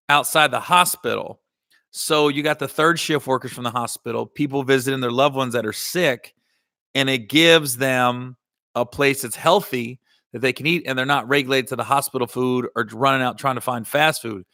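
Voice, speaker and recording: A man's voice: mid-range voice, pushed and bright, no room sound, studio quality. A man hosting a comedy podcast in casual storytelling style, rambling and correcting himself, with a slight Ohio Valley twang.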